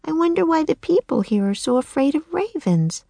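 A woman doing a gentle, high young girl. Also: sing-song, moderate pace, creaky, dry recording, heavily acted. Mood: curious. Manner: gentle, coaxing.

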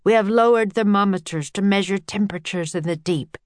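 A woman's voice: medium pitch, a little fast, no echo, close to an everyday voice. A woman voicing a portly, jovial older male professor who talks as if giving a lecture. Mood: jovial lecturing. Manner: lecturing, pompous yet twinkly.

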